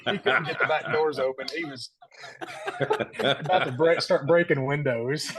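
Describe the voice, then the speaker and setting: A man's voice: fairly high pitch, normal speed, a loud crowd. A man guest on a podcast, telling stories casually and animatedly, laughing often and acting out the quotes. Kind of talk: casual storytelling.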